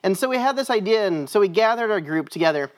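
A man's voice: sits high, animated, fast. A man, a pastor, giving a sermon in church, telling a story in a conversational way.

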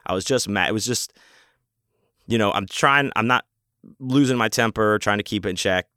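Profane, rambling man with a smooth low voice. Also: moderate pace, pushed and bright, no echo, studio quality. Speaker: convention vendor telling a story. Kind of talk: casual storytelling.

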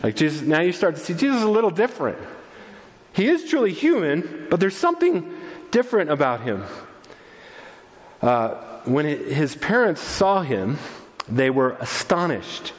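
A man preaching a sermon, animated and conversational, acting out quoted voices as he tells the story. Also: fairly high pitch, normal speed, long reverb tail. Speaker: pastor.

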